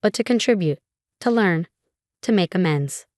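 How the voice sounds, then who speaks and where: A woman voicing a humbled older former executive who speaks quietly and earnestly in a narrated story. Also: on the low side, animated, normal speed, no echo, studio quality, lightly acted. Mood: contrite.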